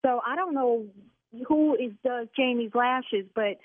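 A woman's voice: a little high, unhurried, dry recording. Exasperated woman on a tinny phone line. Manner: exasperated, loud and cursing. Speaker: lash salon owner on a phone call. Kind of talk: heated prank-call argument.

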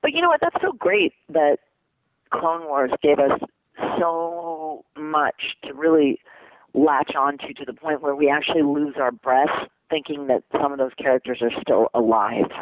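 A man, a voice actor being interviewed, chatting casually, excitable and laughing often, calling people "dude". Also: a little high, measured pace, dry recording. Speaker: voice actor guest. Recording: tinny phone line.

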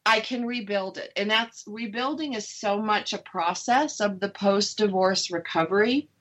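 A middle-aged woman talks casually on a radio show, candid and chatty, laughing easily. Her voice sits at an ordinary middle pitch. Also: normal speed, fairly bright tone. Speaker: radio show host sharing her divorce recovery.

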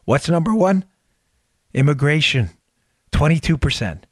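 High-voiced man delivering political commentary. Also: very animated, unhurried, no room sound, clean studio sound. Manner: emphatic, sarcastic, repeats phrases for effect. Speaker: podcast host.

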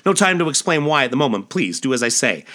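An earnest young superhero, as a man puts him on, rattling off dramatic declarations at speed. The voice sits a little above his own and sounds bright. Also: medium pitch, very animated, quick pace, voice pushed up.

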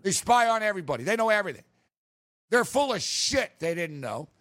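A man co-hosting a sports talk show, ranting in a casual, animated way. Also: sits high, dry recording, studio quality. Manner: ranting, animated, quick asides. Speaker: sports podcast co-host.

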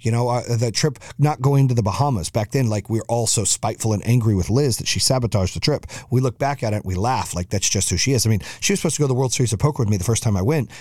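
A man's voice: medium pitch, fast, hardly any pauses, darkish tone, no room sound, studio quality. A middle-aged man hosting his own podcast, ranting bluntly and profanely in a driven, motivational way. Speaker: podcast host. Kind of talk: solo podcast monologue.

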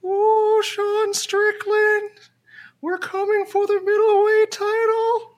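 A wailing, eerie old wrestling manager. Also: male voice, extremely high pitch, little pitch movement. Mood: spooky. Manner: drawn-out, moaning wails.

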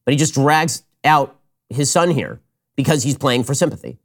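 A man hosting a political commentary show, talking in a sarcastic, mocking, rapid-fire way. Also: medium pitch. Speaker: host.

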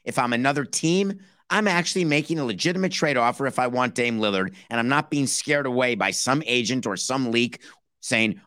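A man's voice: mid-range voice, normal speed, sharp tone, dry recording, clean studio sound. A man hosting a solo sports podcast, talking animatedly and rhetorically, acting out imagined phone calls between executives. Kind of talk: casual solo sports commentary.

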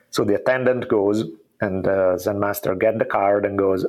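Low-voiced guy hosting a podcast, rambly stories, swears a bit, laughs. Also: fairly even intonation, moderate pace, few pauses, darkish tone. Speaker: podcast host. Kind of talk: casual conversational interview.

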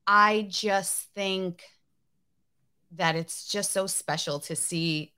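A woman co-hosts a casual podcast and speaks from the heart in a soft, emotional way. She talks very slowly with a lowish pitch. Her voice has a bright, tense edge. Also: smooth. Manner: heartfelt, soft-spoken, gets choked up. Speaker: podcast co-host. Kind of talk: casual chat.

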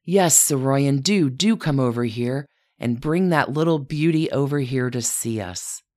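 A woman narrator puts on a tiny, wrinkled, bird-like old lady. She speaks slowly in a small, peeping voice. Each word flutters out delicately. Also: very deep voice, lively intonation, a little mellow. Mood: fluttery.

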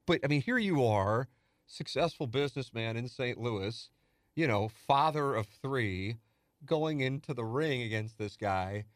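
Lively man hosting a podcast. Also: medium pitch, a little slow, no echo, clean studio sound. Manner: laughs easily, eager and conversational. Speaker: podcast host. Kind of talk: casual chat.

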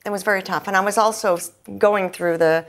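A middle-aged singer-songwriter, interviewed in a candid conversational setting, explains things earnestly and at length with frequent fillers and restarts. Her mid-range voice keeps a fairly even intonation at a brisk pace.

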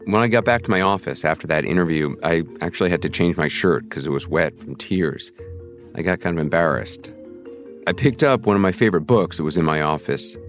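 A man hosting a podcast, reading scripted narration in a measured, earnest way. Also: sits low, animated, faint music behind. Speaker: podcast host.

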